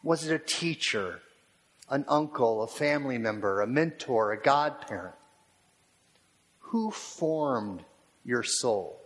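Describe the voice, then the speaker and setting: Unhurried male pastor in an echoing hall. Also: mid-range voice, animated, fairly bright tone. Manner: slow, measured, reflective, repeated rhetorical questions. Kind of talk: sermon. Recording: long reverb of a large hall.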